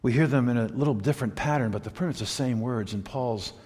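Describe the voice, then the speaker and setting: A man preaching a sermon, telling a story and moving between loud emphatic points and hushed quiet passages. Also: medium pitch, quick pace, husky. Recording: long reverb of a large hall.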